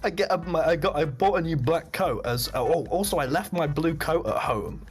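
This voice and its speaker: A young man casually telling a rambling story on a stream, laughing often and jumping up in pitch when he recounts his shock. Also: moderate pace, faint music behind.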